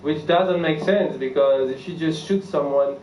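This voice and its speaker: Slow-talking comic heard from afar. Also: male voice, a little high, dull audio. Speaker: stand-up comedian. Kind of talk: stand-up comedy set. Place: comedy club stage. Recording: distant mic in roomy club with room noise.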